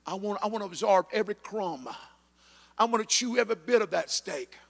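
A man preaching a sermon, punctuating with amens and rising to shouted peaks. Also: high voice, lively intonation, fairly quick, creaky, in a large hall. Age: 50s. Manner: builds to shouted climaxes, chanting amen.

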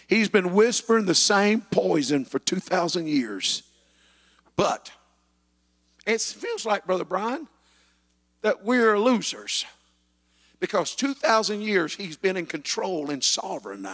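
A man preaching a sermon as pastor, building to shouted passages with scripture quotes in a church. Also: high voice, big pitch swings, takes it slowly, pauses often, in a large hall. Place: church sanctuary.

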